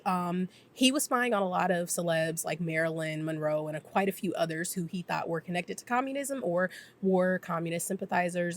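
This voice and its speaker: A woman casually recapping a TV episode for her channel, talking freely with lots of filler words. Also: on the low side. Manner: chatty, filler-heavy, slips into quick impressions. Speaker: YouTube TV reviewer.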